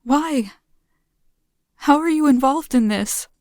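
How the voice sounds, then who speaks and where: A woman plays a middle-aged mother in an audio drama, tearful and pleading. Her voice is high and her delivery slow, in a dry room. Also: darkish tone, no echo.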